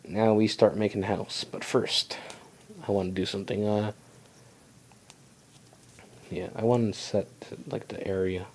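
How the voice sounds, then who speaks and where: Low-voiced young man chatting through a game. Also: level tone, a little slow, long pauses, slight background noise. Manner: rambling, chatty, self-talk while playing. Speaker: gaming channel host. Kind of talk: casual let's play commentary.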